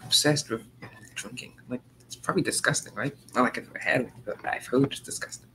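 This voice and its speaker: A man's voice: medium pitch, fast, gravelly, bright, forceful tone, a little hiss or hum, rough recording. Man with sarcastic, mocking asides. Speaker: reaction video host. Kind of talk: casual reaction commentary.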